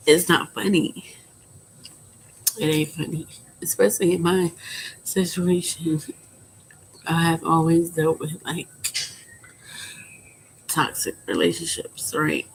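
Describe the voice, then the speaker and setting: A woman in her thirties talking frankly and at length in a personal vlog, keeping her voice quiet and subdued and rambling with many fillers. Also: deep voice, slow pace, vocal fry, pauses often, slight background noise, low-quality recording. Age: 30s. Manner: quiet, subdued speaking volume. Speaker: vlogger. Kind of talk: candid personal vlog talk.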